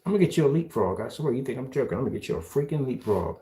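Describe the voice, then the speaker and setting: Sarcastic man ranting with a lively voice. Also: medium pitch, racing, few pauses. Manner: mocking, sarcastic, repeats phrases to taunt. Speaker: video blogger. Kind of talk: ranting callout video.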